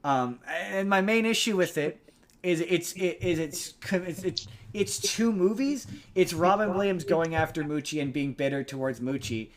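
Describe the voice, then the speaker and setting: A man's voice: fairly high pitch, normal speed, a little hiss or hum. Rambling man recapping a movie. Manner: rambling, many restarts and fillers. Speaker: podcast host. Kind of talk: casual chat, recapping a movie.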